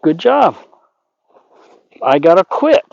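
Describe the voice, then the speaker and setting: Calm, soothing male horse trainer. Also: sits high, takes it slowly, vocal fry, highs cut off, background noise. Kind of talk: training commentary.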